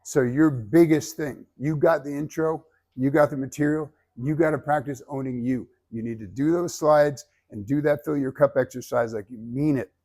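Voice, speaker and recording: A man's voice: mid-range voice, moderate pace, a little mellow. A man giving blunt, emphatic feedback as a speaking coach, with some swearing. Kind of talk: workshop feedback.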